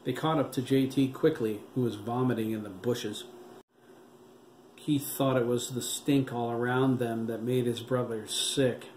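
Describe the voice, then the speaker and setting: A man, the author, narrating his horror audiobook in a measured, steady reading. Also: medium pitch, echoey room, slight background noise, rough recording.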